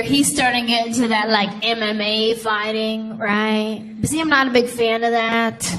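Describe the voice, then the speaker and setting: A woman doing a stand-up comedy routine on stage, telling stories and acting out childhood voices. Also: a little high. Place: comedy stage before a live audience. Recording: live show with crowd and noise.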